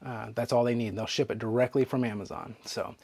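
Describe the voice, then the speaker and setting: A man hosting a knife sharpening channel, talking casually to his viewers in a relaxed, chatty way while he works. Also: medium pitch, brisk, vocal fry, no room sound. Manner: relaxed and chatty, with fillers and trailing asides. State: hiccups. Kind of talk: casual demo talk to camera.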